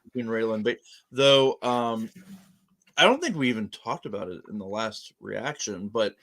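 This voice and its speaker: A man's voice: lowish voice, expressive, moderate pace, a bit bright. A man co-hosting a casual show review, playful and teasing. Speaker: podcast co-host.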